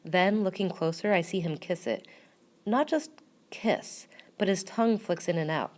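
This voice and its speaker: A woman reading a first-person story aloud in a measured, wry way. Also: on the low side, a little mellow. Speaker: narrator.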